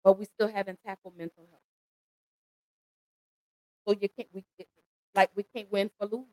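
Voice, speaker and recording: A woman's voice: medium pitch, little pitch movement, moderate pace, darkish tone, no room sound, rough recording. A woman hosting an emotional commentary, pleading and impassioned as she talks straight to her listeners. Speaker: host.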